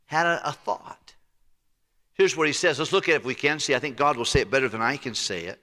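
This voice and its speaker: A male pastor preaching in a folksy, storytelling way, moving freely through a wide pitch range. His voice is bright and slightly high. The sound carries the long reverb of a church hall. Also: big pitch swings, moderate pace. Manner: folksy storytelling, retelling scripture in plain talk. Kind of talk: sermon. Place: church sanctuary.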